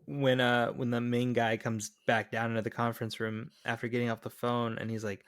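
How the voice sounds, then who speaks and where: A man with an ordinary mid-range voice chats about a film on a podcast. He jokes loosely, pauses with "uh" and tosses out rhetorical questions. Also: mid-range voice, level tone, a bit bright, clean tone. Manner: loose and joking, trails off with "uh". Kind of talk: casual movie chat.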